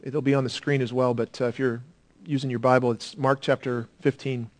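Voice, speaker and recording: A man preaching a sermon as pastor, earnest and dynamic, swinging from loud emphasis to hushed intensity. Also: mid-range voice, little pitch movement, fairly quick.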